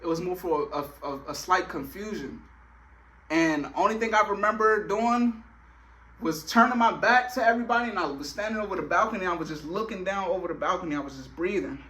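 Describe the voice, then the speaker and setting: A man's voice: sits high, brisk, pushed and bright. A young man telling a personal story in a casual, slangy way, full of filler phrases.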